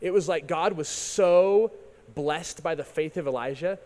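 A man preaching a sermon, retelling a story in an animated way and often repeating words as he restarts. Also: on the high side, measured pace. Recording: long reverb of a large hall.

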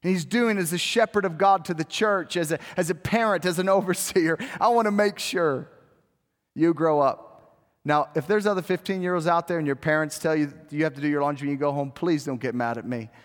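Man, 30s, pastor, sermon, high voice, conversational to fervent, church hall reverb. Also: fast talker, few pauses. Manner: conversational and self-deprecating, building to fervent appeals. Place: church sanctuary. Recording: long reverb of a large hall.

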